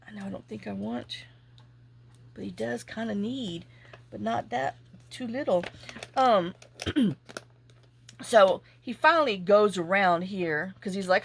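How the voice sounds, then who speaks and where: A woman hosting a crafting vlog, chatting casually and telling a rambling, animated story with asides while she works. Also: mid-range voice, gravelly, breathy edge. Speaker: junk journaling channel host.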